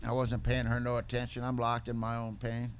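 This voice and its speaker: A man with a middle-pitched voice tells his own story in a plain-spoken, confessional way. He speaks as a recovery-meeting speaker, candid and direct. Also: completely flat delivery, brisk, clear, resonant tone. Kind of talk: personal testimony storytelling.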